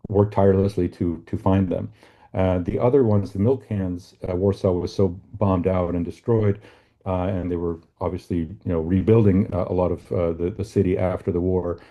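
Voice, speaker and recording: A middle-aged man giving an academic book talk with slides, speaking haltingly with many fillers and repeated words. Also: low-pitched, dark tone.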